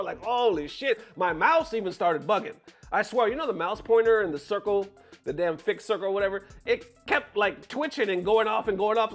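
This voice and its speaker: A content creator telling a story in an animated, profane, exasperated way from his bedroom. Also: high-pitched, normal speed, faint music behind. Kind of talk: casual storytelling vlog.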